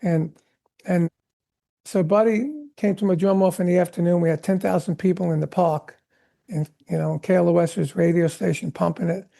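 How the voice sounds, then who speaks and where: Older man, gravelly, high for a man, dark tone, lively anecdotes, acts out quotes. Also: normal speed. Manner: animated storyteller, acts out quoted voices. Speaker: guest drummer. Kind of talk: storytelling in a podcast interview.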